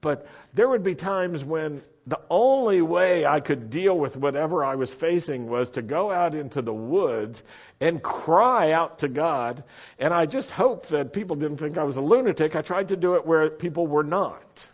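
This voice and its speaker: A man preaching a sermon to a congregation, speaking in an animated way and sometimes rising to shouts for emphasis. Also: on the high side, moderate pace. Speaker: pastor. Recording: dull, lo-fi sermon recording.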